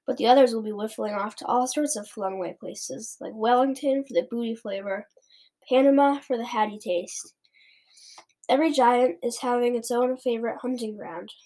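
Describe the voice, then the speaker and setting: A woman's voice: a little high, normal speed, lightly acted. A woman voicing a big, kindly male giant who mangles his words, in a storybook read-aloud. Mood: earnest. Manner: mangles words, gentle and earnest.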